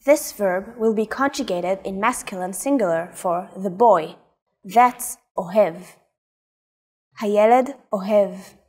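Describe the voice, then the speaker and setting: A woman teaching in a scripted language lesson, pronouncing example sentences slowly and carefully. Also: medium pitch, a little mellow. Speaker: Hebrew teacher giving native examples.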